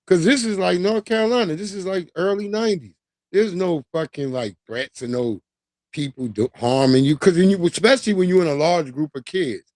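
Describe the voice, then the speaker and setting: A man telling a long, profane childhood story on his livestream in a streetwise, animated way. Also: medium pitch, dry recording, studio quality. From New York. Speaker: livestream host. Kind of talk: casual storytelling.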